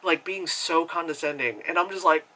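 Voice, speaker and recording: A man's voice: a little high, fairly quick. A man gives a casual movie review, rambling with lots of fillers and acting out the characters' lines. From New York. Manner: animated storyteller, acts out quotes. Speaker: film reviewer.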